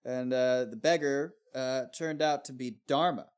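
Co-host, young adult male, mid pitch, playful banter and storytelling. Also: steady tone, moderate pace, darkish tone, clear, resonant tone. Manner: joking reactions, laughs often. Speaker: podcast co-host. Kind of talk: casual storytelling chat.

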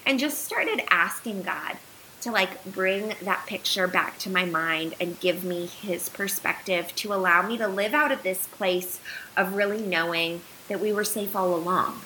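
A woman's voice: mid-range voice, a little slow, bright, forceful tone, slight background noise, rough recording. A woman in her thirties, a podcast guest, telling a personal story earnestly and with animation, using many filler words.

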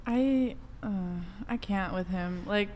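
A woman's voice: medium pitch, takes it slowly, darkish tone, a little hiss or hum. A woman on a casual panel, exasperated and pleading as she talks. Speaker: panel guest.

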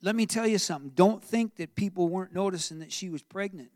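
High-voiced preacher, dry sound. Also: male voice, fast talker, no echo. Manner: animated preaching, acts out Joseph's voice, asks the room questions. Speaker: pastor. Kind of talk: sermon.

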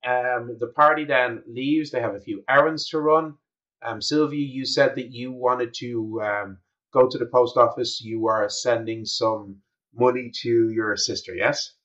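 A man's voice: mid-range voice, fairly even intonation, a little slow, a bit bright. A man running a tabletop game on stream as game master, narrating in an enthusiastic, playful way. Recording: dull lo-fi stream audio.

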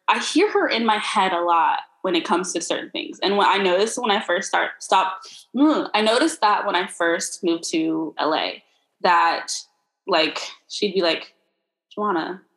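A woman's voice: medium pitch, fairly bright tone, low-quality recording. A young adult woman in casual chat as a podcast co-host, telling stories bluntly and swearing freely.

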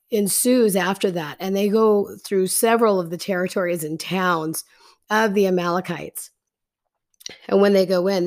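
A woman teaching a Bible story in a casual, chatty way, retelling scripture in slangy everyday speech. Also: mid-range voice.

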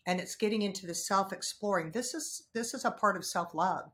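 A woman talking as a podcast guest, telling personal stories frankly and animatedly, jumping from loud outbursts to hushed asides. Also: medium pitch, fairly quick. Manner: frank, casual swearing. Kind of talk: candid conversational storytelling.

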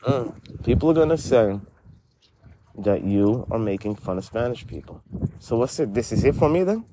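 A man co-hosting a comedy podcast, playing the dry, deadpan straight man in a sketch. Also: medium pitch, moderate pace, slight background noise.

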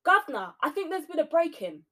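A woman's voice: high voice, very animated, brisk, fairly bright tone, pitched above the performer's own voice. A woman playing a flustered, anxious office cleaner who exclaims and calls out in a frantic way.

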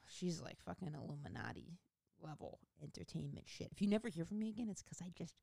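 A woman's voice: lowish voice, lively intonation, a little fast, gravelly, dark tone, no room sound, studio quality. A woman comedian telling a rambling, profane story about her own life in a casual, self-mocking way.

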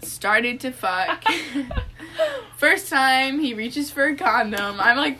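A woman's voice: high-pitched, sing-song, drawn-out words, long pauses, pushed and bright, a little hiss or hum. A young woman co-hosting a casual podcast, telling a crude story with lots of "like" and frequent giggling. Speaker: podcast co-host. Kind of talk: casual chat.

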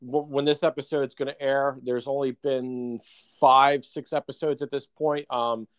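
A man's voice: mid-range voice, flat delivery, a little slow, smooth, no room sound. Rambling casual podcast guy. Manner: rambling, many fillers and restarts. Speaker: podcast co-host. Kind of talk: casual chat.

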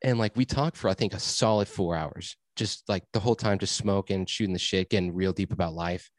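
A man's voice: low voice, fairly quick, no room sound. A young man telling a rambling story in a casual chat, laid-back, swearing and full of fillers. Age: young adult.

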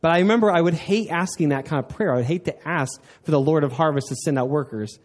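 Chatty young pastor, man, slightly high voice. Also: fast talker. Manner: conversational, self-deprecating, asks the congregation questions. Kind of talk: sermon.

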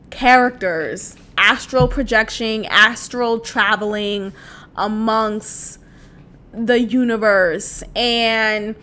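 Her voice fairly high-pitched, this woman hosts a podcast in an animated, profane, casual way. She laughs a lot and lurches from loud outbursts to quiet asides.

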